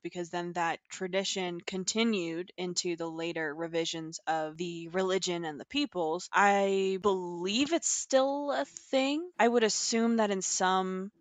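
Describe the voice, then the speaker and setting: A woman's voice: mid-range voice, no room sound. A woman co-hosting a podcast in casual chat, laughing easily and swearing now and then. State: throat a bit dry, slight vocal fry. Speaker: podcast co-host.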